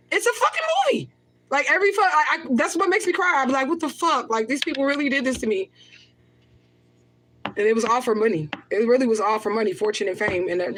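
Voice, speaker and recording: This livestreamer has a mid-range, slightly bright voice. She talks emotionally to her viewers, rambling, cursing, reading comments aloud, repeating herself, and flaring up in anger.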